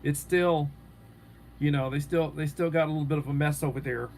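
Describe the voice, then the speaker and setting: A man's voice: a little high, fairly even intonation, fairly quick, gravelly, darkish tone, a little hiss or hum. A man hosting a live stream, chatting casually and rambling as he answers viewers' comments. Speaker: livestream host.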